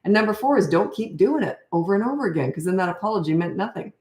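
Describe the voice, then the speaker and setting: A woman's voice: medium pitch, expressive, quick pace, darkish tone. A middle-aged woman parenting coach talking casually through a live Q&A. She is tired and chatty, and often drifts off on tangents. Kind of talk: live Q&A chat. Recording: roomy echo.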